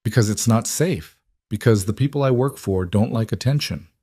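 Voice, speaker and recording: A man's voice: fairly low pitch, normal speed, mellow, husky, dry recording, studio quality. A man voicing a guarded young woman on the run.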